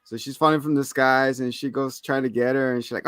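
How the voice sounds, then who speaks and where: A man's voice: mid-range voice, steady tone, quick pace, few pauses, fairly bright tone, no room sound, clean studio sound. A man co-hosting a casual movie review, retelling scenes with quoted lines and frequent laughs. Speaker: co-host.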